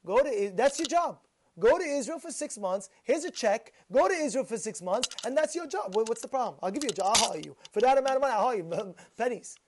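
Animated storytelling rabbi, a man. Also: extremely high pitch, fast talker, a little hiss or hum. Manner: animated, acts out quoted dialogue, repeats phrases; sprinkles Hebrew and Yiddish words. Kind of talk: Torah class with personal storytelling.

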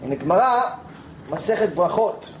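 A man teaching a Torah lecture, telling stories in an animated way and sprinkling in Hebrew terms and "you know". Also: high-pitched, moderate pace, slight background noise, rough recording. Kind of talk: lecture with storytelling.

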